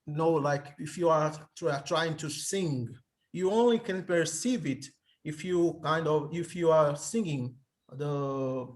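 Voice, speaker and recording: Slow, hesitant male Greek tutor on a video call, slightly high voice. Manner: hesitant, halting, many restarts. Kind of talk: online tutoring session.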